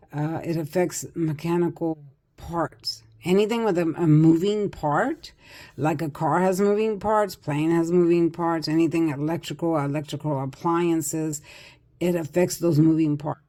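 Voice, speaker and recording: A woman's voice: deep voice, fairly even intonation, measured pace, warm tone. An older woman giving a casual, chatty psychic tarot reading, repeating herself and laughing often. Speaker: tarot reader.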